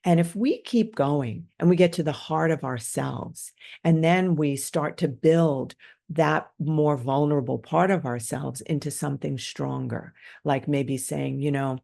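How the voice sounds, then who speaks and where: A woman speaks on a podcast in an unscripted, conversational monologue. Her voice has a gravelly edge, and she talks candidly and informally, restarting sentences as she goes. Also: low-pitched, moderate pace, a little mellow.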